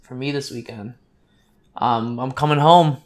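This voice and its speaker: A man's voice: medium pitch, measured pace. Rambling man in his thirties, podcast co-host. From United States. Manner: rambling, with many ums and restarts. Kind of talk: casual chat.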